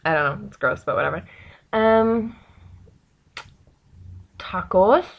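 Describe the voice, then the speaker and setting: Young woman, rambling, excitable, casual home vlog, chatty. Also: mid-range voice, takes it slowly, creaky, muffled recording. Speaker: vlogger. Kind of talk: casual chat to camera.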